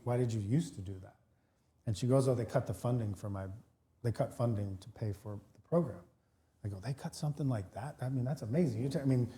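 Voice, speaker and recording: A man co-hosting a podcast, telling a story in casual chat and acting out both sides of the conversation, with lots of restarts. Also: medium pitch. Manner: animated storyteller, many restarts, acts out both sides of dialogue. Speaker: podcast co-host, real estate broker.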